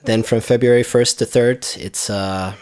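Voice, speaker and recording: A man's voice: mid-range voice, fairly even intonation, a little slow, a little mellow, clean tone. A man co-hosting a casual gaming podcast, speaking hesitantly with frequent restarts. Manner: hesitant, stumbles over words. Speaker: podcast co-host.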